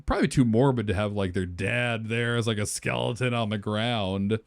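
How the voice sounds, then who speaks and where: Co-host type, a man with a low-leaning voice, animated storyteller, dry booth sound. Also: normal speed, creaky, dry recording. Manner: animated storyteller, acts out characters' lines. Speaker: podcast co-host. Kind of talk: casual brainstorming chat.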